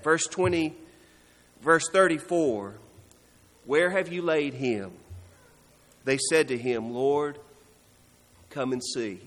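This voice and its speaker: A man preaching a sermon, slow and earnest, dropping soft and low when he quotes scripture. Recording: hall reverb.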